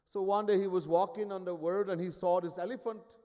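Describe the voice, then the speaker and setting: A man's voice: high-pitched, steady tone, brisk, mellow. A man giving a sermon as a spiritual teacher. He tells stories in an emphatic, wry way. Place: ashram hall. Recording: long hall reverb.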